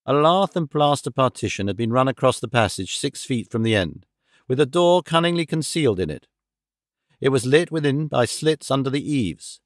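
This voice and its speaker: An audiobook narrator, male and mid-range in pitch, delivers a scripted story in a measured, even way. The clean studio recording has no audible room sound.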